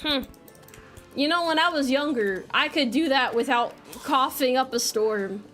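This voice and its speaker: A young woman with a bright, high voice chats loosely as she plays a game on stream, teasing herself and answering chat. Her American speech is quick to joke, and faint music runs behind her. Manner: playful, self-mocking, reads chat messages aloud. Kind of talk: casual live-stream chat while gaming.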